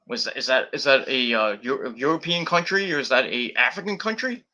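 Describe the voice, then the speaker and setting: A man's voice: mid-range voice, animated, brisk, bright, forceful tone. A man casually reviewing wrestling on a live stream, rambling and swearing, with lots of fillers and restarts.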